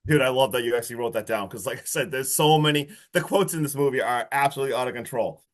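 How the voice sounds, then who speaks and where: A man co-hosting a podcast, recapping a horror movie in an excitable, casual chat full of swearing and "like". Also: medium pitch, fast talker. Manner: excitable, swears freely, heavy use of "like". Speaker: podcast co-host.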